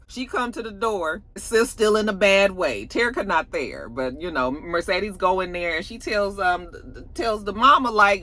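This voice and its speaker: A woman reviewer talks through a TV episode in a loose, slangy chat. Her tone is bright and forward. She slips into quick character voices for the lines she retells. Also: mid-range voice, a little hiss or hum. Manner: chatty, slangy, acts out quoted lines. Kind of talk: casual recap review.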